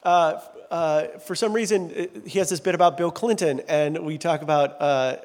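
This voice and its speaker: A man's voice: on the high side, steady tone, normal speed, a little mellow, in a large hall. A man preaching a sermon as a pastor in a church, talking in a loose, joking, self-deprecating way. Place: large church sanctuary.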